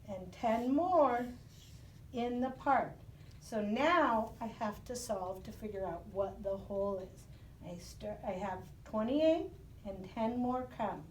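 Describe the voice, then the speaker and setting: A woman's voice: a little high, darkish tone, a little hiss or hum. A woman teacher giving a recorded math lesson to young children, speaking patiently and breaking into sing-song phonics chants. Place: home. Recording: roomy echo, recorded from a distance.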